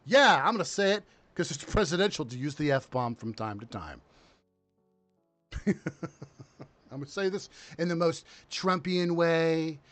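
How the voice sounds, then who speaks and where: A man hosting a casual commentary show, ranting in a profane, mocking, animated way. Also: on the high side, a little slow, pauses often. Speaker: commentary host. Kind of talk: casual political rant.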